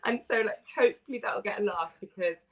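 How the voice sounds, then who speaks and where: A woman in her thirties from Wales, a playwright chatting on a radio show, telling stories with bubbly, animated quoting. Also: medium pitch, fast talker, slight background noise. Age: 30s. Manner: bubbly, animated storytelling with quoted voices. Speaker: playwright guest. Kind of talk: casual radio interview.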